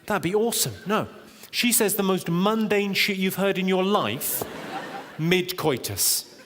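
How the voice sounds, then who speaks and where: A man doing stand-up comedy with a deadpan delivery and working the crowd in a large theatre. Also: high-pitched, unhurried, slight background noise. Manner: deadpan, crowd work with the audience. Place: large theatre with a laughing audience. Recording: live theatre recording with long reverb and loud crowd laughter.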